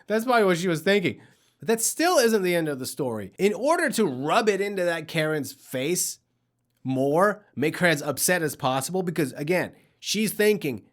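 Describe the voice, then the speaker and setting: A man's voice: high-pitched, big pitch swings, moderate pace. A man hosting a comedy news show, telling a story with sarcasm and mockery. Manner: sarcastic, mocking, acts out characters.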